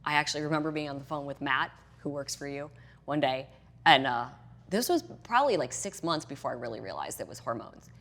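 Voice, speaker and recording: Middle-aged woman on a podcast, kinda low voice, tells stories super animated, acts out what she said back then. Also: brisk. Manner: animated storyteller, acts out her own past reactions. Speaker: guest, fitness and hormone health coach. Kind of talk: casual podcast interview.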